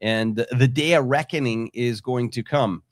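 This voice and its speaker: A man who is a guest on a livestream, giving financial views with frequent hesitant pauses. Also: mid-range voice, dry recording, studio quality. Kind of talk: casual political livestream chat.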